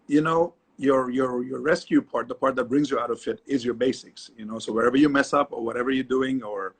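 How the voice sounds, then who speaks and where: A middle-aged man, a dance teacher, talking as an interview guest, lively and repetitive, often adding "you know". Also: medium pitch, fairly quick, breathy edge. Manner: animated storyteller, repeats himself, many "you know"s. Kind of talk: casual interview chat.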